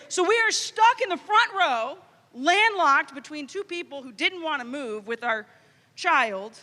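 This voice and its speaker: A woman in her thirties from Louisiana, telling a funny story as a youth conference speaker, animated and playful. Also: sits high. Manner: animated, comic storytelling with quoted inner voices. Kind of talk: storytelling keynote talk. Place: large hall. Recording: long hall reverb.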